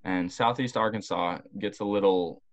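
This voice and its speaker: Young man, low voice, casual podcast chat, swearing, animated, rambling anecdotes. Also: normal speed. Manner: rambling, profane, animated storytelling with voiced quotes. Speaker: guest, former college football player.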